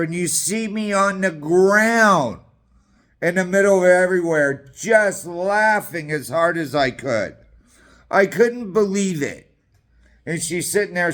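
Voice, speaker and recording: A man's voice: a little high, fairly bright tone. A middle-aged man from Canada, ranting in an angry, combative and sarcastic way as a political activist, swearing often.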